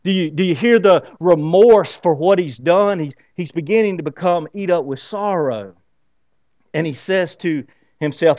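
A male pastor preaching a sermon in an animated way, often asking the congregation questions. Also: fairly high pitch, moderate pace, dry recording, lo-fi sound.

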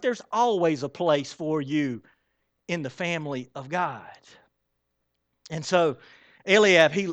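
Brief: male pastor, higher voice, animated preaching, dry close sound. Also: no room sound. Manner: animated, talks straight to the congregation with questions; acts out Bible characters in quoted voices. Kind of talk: sermon.

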